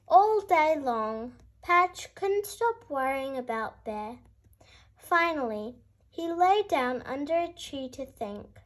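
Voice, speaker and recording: A woman reading a bedtime picture book aloud for children, in a gentle and expressive storytelling manner. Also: high-pitched, slow pace.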